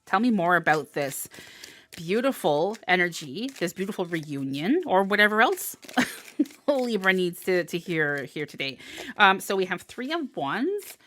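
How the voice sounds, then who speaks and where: A woman's voice: medium pitch, fairly bright tone, no echo. A young adult woman giving a live-streamed tarot horoscope reading, bubbly and encouraging, with frequent laughs, fillers and restarts. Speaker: tarot reader.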